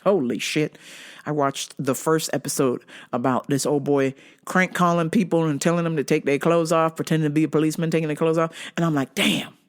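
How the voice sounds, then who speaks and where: A woman hosting a show, ranting in a casual, comic way with lots of swearing, high shrieking laughter and acted-out quotes. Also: fairly quick. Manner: profane, animated, bursts into high shrieking laughter; acts out voices in quoted asides. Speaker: podcast host. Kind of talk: casual comedic rant.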